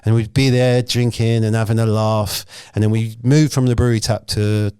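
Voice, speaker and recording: A man's voice: on the low side, little pitch movement, normal speed, warm tone, smooth, no echo, studio quality. A man, a former footballer telling anecdotes as a podcast guest. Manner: storytelling, acts out voices in his anecdotes.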